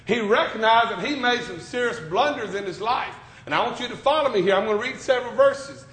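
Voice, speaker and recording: A male preacher delivering a sermon in a church classroom, talking conversationally, then loud, then quiet. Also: very high-pitched, animated, fairly quick, roomy sound.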